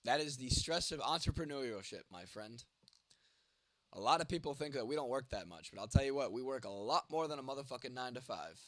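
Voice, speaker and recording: A man's voice: medium pitch, animated, fairly quick, fairly bright tone, dry recording. A man of twenty-nine, congested from a cold and losing his voice, answering chat on a late-night livestream in a blunt, heavily profane way. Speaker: content creator. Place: home at night.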